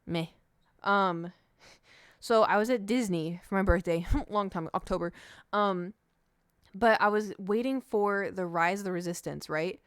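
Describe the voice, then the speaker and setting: A woman streamer talks in a loose, animated way, rambling from one funny story to the next. Her voice sits at an ordinary middle pitch. The sound is close and dry, with almost no room around it. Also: a little slow, clear, resonant tone, no echo. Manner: chatty and animated, jumping between stories. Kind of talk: casual chat.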